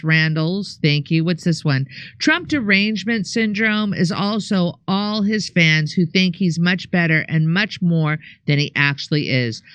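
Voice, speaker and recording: Bright, high-voiced male co-host. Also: no room sound. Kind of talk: reading viewer comments aloud.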